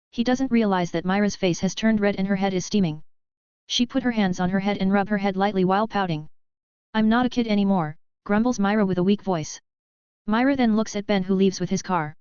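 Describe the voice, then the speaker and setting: A woman narrating a fanfiction novel as an audiobook in a steady, even reading. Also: mid-range voice, clean tone, no echo. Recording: dull, lo-fi, dry sound.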